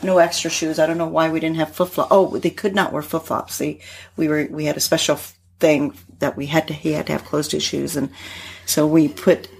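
A middle-aged woman, a therapist and guest, telling family stories in a casual, animated way with frequent laughter. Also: low voice, brisk, creaky, a little hiss or hum. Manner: animated storyteller, laughs often. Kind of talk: casual conversation.

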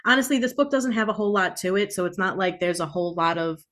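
A woman co-hosting a book podcast, talking in a thoughtful, measured casual way with hesitant restarts. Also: medium pitch, fairly even intonation, a bit bright. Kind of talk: casual chat.

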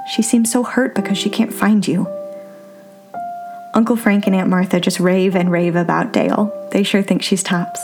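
A woman's voice: medium pitch, darkish tone. A woman reading old letters aloud in a tender, earnest way. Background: faint instrumental music.

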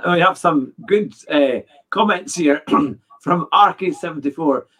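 A man's voice: fairly high pitch, unhurried, a bit bright, slightly rough. A man with a Scottish accent hosting a live-streamed podcast. He is friendly, laughs easily and reads out viewer comments. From Scotland. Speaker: podcast host.

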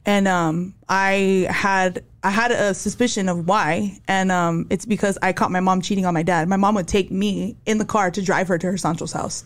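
A woman's voice: mid-range voice, steady tone, moderate pace, hardly any pauses. A young adult woman telling her life story as a podcast guest, candid and slangy, acting out quotes. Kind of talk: casual storytelling interview.

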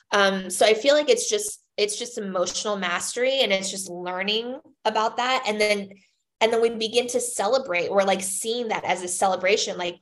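A woman talking as a podcast guest in a casual, animated way, full of fillers, acting out her own inner voices. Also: mid-range voice, fairly quick.

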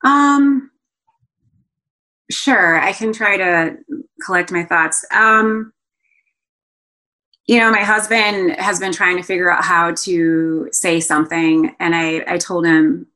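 Earnest, halting woman in her thirties. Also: lowish voice, sharp tone. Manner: earnest and emotional, halting with many fillers and restarts. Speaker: guest. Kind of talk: candid conversational interview.

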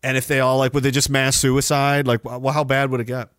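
A man hosting a stream, giving sarcastic, mocking commentary on a video clip and breaking into shouts. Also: mid-range voice, little pitch movement, fast talker, clean tone, no echo, studio quality. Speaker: stream host.

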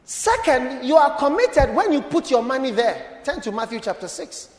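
A man preaching a lively sermon as a bishop, playful and calling on the congregation to answer. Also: very high-pitched, moderate pace. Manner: animated, playful, calls on the congregation. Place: church hall. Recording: echoey church hall.

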